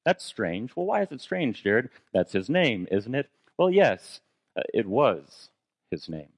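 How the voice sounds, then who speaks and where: A man's voice: medium pitch, very animated, a little slow, no room sound. A man preaching a sermon in a conversational way, posing rhetorical questions and retelling a story dramatically. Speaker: pastor.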